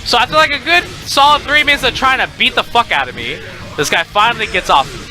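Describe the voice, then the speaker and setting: A young man telling a casual storytime, animated and profane, with faint music behind him. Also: extremely high pitch, fast talker, crowd noise.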